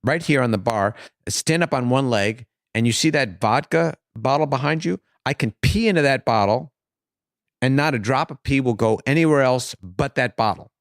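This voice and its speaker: A man's voice: medium pitch, animated, normal speed, dry recording, clean studio sound, natural voice. A man voicing a boastful professional gambler who smugly warns that he never loses. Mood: cocky boast. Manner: smug, warning tone. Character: boastful male professional gambler, adult, cocky.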